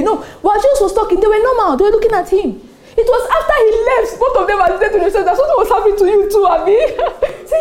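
A Nigerian woman pastor preaching a sermon, animated and often laughing between her points. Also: extremely high pitch, fast, a little hiss or hum. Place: church service with congregation responding.

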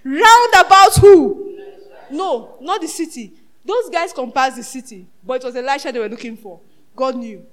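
A woman preaching a sermon, swinging from shouted peaks to hushed asides and asking the congregation rhetorical questions. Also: high-pitched, lively intonation, brisk.

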